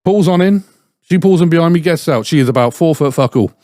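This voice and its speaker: A podcast co-host spins a sweary, rambling tale and mimics other people's voices as he goes. His voice sits high and swings widely in pitch. The sound is dry and close. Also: expressive, quick pace, a little mellow, no room sound. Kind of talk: casual chat, storytelling.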